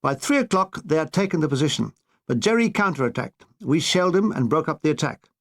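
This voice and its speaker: A man's voice: on the high side, sing-song, brisk. A man narrating his own war memoir as an audiobook, in a dry, wry storytelling manner.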